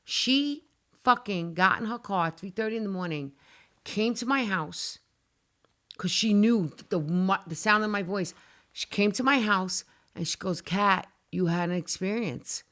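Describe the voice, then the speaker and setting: Woman, middle-aged, guest, animated storytelling, dramatic, casual swearing. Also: mid-range voice, a little slow.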